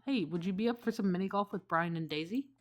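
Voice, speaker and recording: A woman's voice: fairly low pitch, fast talker, faint music behind, lightly acted. An eager, competitive dad character in a dating game speaks with playful exaggeration, as a woman reads his lines. The voice stays close to her everyday speaking voice.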